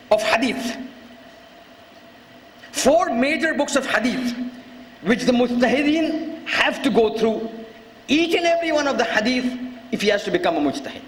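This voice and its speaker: A man delivering an impassioned mourning sermon as a religious lecturer, often shouting and weaving in Arabic quotations. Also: very high-pitched. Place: large lecture hall at a religious gathering. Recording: echoey hall with long reverb, faint hiss.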